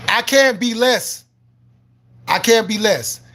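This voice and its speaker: A livestream host with a high, bright voice rants in answer to his chat, talking slowly. He's combative and profane, repeats himself, and laughs often, while preaching, arguing, and quoting scripture. There's a slight hiss or hum in the audio.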